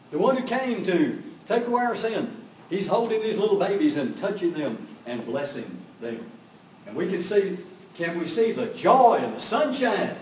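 A man's voice: a little high, a little mellow, roomy sound, distant mic, a little hiss or hum, rough recording. An older man preaching a sermon with fervour, swelling and dropping his voice for emphasis.

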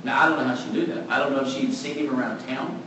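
A man giving a conversational Bible teaching, relaxed and thinking aloud, openly admitting what he is unsure of. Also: medium pitch, fast talker. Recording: very echoey room, mic far off, faint background noise.

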